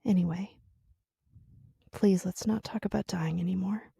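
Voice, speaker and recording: A hushed young woman presses her lover softly and possessively, as a woman reader voices her. The voice sits low and gravelly with a husky, muffled darkness, recorded close and dry. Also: steady tone, measured pace, no echo, heavily acted. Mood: hushed, insistent.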